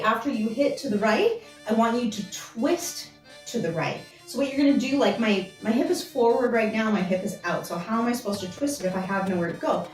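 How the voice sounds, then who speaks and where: A woman teaching a belly dance class, chatting casually and counting out steps as she demonstrates. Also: mid-range voice. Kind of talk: instructional dance lesson. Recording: roomy sound from a distance, music behind.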